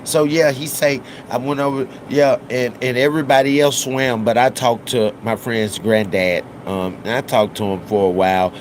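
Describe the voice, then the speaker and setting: A man's voice: medium pitch, fairly even intonation, slight background noise, rough recording. A man giving casual live commentary, drawling and acting out other people's words in raised voices. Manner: slow, drawling, acts out quotes in raised voices. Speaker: livestream commentator.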